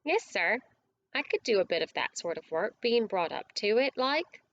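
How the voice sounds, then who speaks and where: A woman's voice: mid-range voice, very animated, moderate pace, highs cut off, slight background noise. A woman voicing a humble male cab driver with a countryman's heart, speaking in a deferential, rustic working-class manner.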